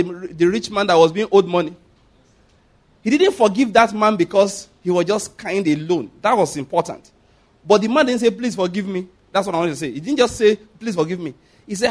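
A man with a Nigerian accent preaching a sermon, emphatic and rhetorical, often asking whether listeners get his point. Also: high voice. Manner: emphatic, rhetorical, acts out quoted pleas.

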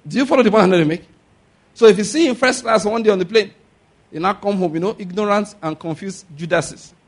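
A man's voice: sits high, fast. A man preaching a sermon as a pastor, emphatic and often asking the congregation for an amen. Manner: emphatic, asks the congregation for amens.

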